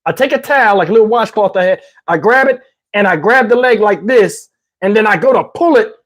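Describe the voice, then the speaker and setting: A man casually telling a story to his channel, in a slangy, profane, lively way. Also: sits high, fairly quick. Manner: profane, slangy, lively retelling with acted-out quotes.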